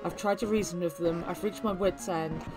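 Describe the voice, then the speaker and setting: A woman's voice: lowish voice, steady tone, moderate pace, lightly acted. A woman reading a frightened young mother. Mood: worried. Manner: soft, worried, polite. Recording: game music playing behind.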